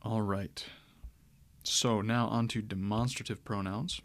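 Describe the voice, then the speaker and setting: A man teaching a lesson on grammar, talking it through in a relaxed way, with pauses and restarts. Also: on the low side. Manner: relaxed, thinking aloud with fillers and restarts. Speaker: Greek teacher. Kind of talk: lecture.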